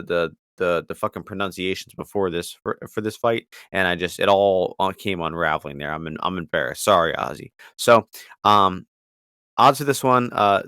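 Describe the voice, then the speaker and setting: A man's voice: on the low side, fairly bright tone, smooth, no echo, clean studio sound. A man co-hosting a casual betting podcast, loose and profane, often stumbling over names. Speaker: podcast co-host, betting picks. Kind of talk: casual chat.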